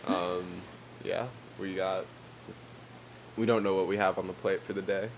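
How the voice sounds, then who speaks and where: A young man co-hosts a casual podcast in a low voice, jokey and rambling, often laughing at his own bits. A faint hiss runs behind him. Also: flat delivery, measured pace. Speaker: podcast co-host. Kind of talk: casual chat.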